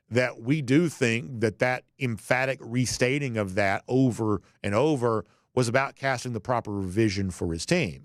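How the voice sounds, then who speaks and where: A man's voice: fairly low pitch, no room sound, studio quality. A man hosting a college football podcast, talking in a conversational way with folksy asides. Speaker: podcast host. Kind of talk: sports commentary monologue.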